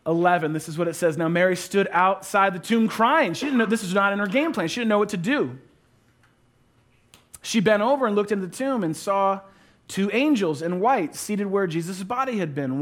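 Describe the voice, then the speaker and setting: A male pastor preaching a sermon, retelling a scripture story with playful asides and dropping into a quiet, hushed voice for reflective moments. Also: high voice.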